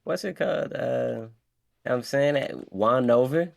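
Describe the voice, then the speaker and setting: A man in casual chat as a guest, hesitant, with many pauses and fillers. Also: mid-range voice, creaky.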